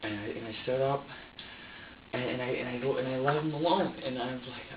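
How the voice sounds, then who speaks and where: A man's voice: fairly high pitch, fairly even intonation. An agitated man speaks in a slightly raised voice, stumbling over restarts as he gives his account. He is recorded from a distance in an echoey interview room, and the sound is muffled and a little noisy. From upstate New York. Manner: agitated, halting, many restarts and curses. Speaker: suspect being questioned. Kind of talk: police interrogation statement.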